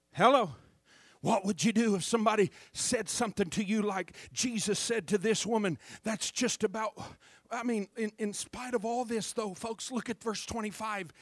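High, bright-voiced fervent male preacher. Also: moderate pace, no room sound, clean studio sound. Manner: fervent preaching, calls out to congregation for responses. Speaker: pastor. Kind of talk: sermon.

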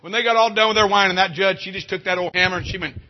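A man preaching a revival sermon, telling a folksy personal story and building to shouted appeals. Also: high-pitched, steady tone, racing, muffled recording.

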